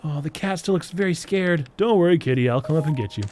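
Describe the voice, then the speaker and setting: A man's voice: on the high side, quick pace, darkish tone, slight background noise. A young man casually commenting as he plays a game, playful and reacting aloud. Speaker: game streamer.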